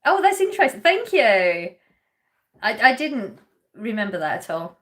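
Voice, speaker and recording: A woman's voice: fairly high pitch, sing-song, a little slow, a bit bright. An English woman hosting a casual live stream, chatting and laughing as she reads viewer comments aloud. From England. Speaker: livestream host.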